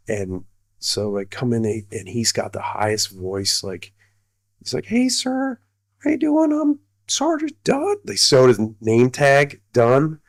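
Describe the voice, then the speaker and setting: A man's voice: on the low side, no room sound. A middle-aged man, a retired army colonel, telling a story casually, rambling with many fillers and restarts.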